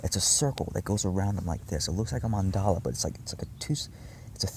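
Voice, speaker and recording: Low-voiced man rambling intensely. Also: expressive, fast talker, creaky, a little mellow, a little hiss or hum. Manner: intense, profane, wandering, many fillers and restarts. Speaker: vlogger addressing his viewers. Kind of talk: rambling spiritual monologue.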